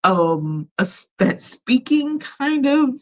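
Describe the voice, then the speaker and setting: A woman's voice: on the high side, very animated, very slow, rough recording. A woman hosting a casual livestream, chatty and emphatic, with a polished radio voice. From United States. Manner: chatty, emphatic, often laughs and reads chat messages aloud. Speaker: livestream host.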